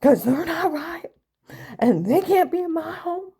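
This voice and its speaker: A woman voicing her very old, devout, hot-headed mother, who yells and scolds and calls on the Lord. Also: animated, measured pace, gravelly, exaggerated voice. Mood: outraged. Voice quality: loud, screaming, shrill. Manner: preachy, scolding, calling on the Lord.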